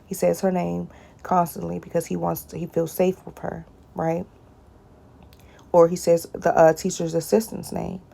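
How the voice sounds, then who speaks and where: A woman's voice: on the low side, little pitch movement, moderate pace, creaky, dark tone. A woman speaking straight to her viewers in a personal video blog, often addressing them directly and repeating short phrases.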